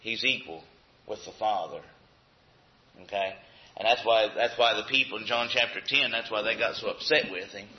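A man leads a Bible lesson in a classroom, speaking in a relaxed, conversational way and quizzing the students. He keeps checking that they follow along. The recording is dull and lo-fi, with a roomy echo around the voice. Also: lowish voice, moderate pace. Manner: conversational, checks in with frequent "Okay?"; poses questions to the class. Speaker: Bible teacher. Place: classroom with a chalkboard.

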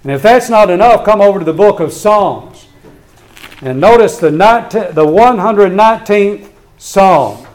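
A man's voice: high voice, animated, measured pace, a little mellow, poor audio. A man preaching a sermon, reading scripture aloud with earnest emphasis and urging his listeners.

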